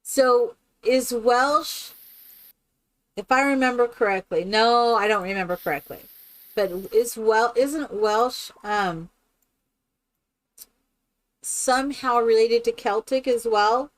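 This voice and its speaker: Slow-talking chatty woman streamer. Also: on the high side. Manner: rambling, chatty, exclamatory. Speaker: live-streaming gamer. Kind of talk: casual live-stream chat while playing.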